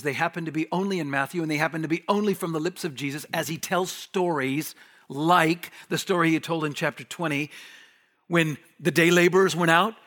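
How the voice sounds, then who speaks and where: Male pastor delivering a sermon, fairly high voice, drops to near-whispers then builds to raised, urgent emphasis. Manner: preaches with wide swings from hushed near-whisper to raised urgent voice.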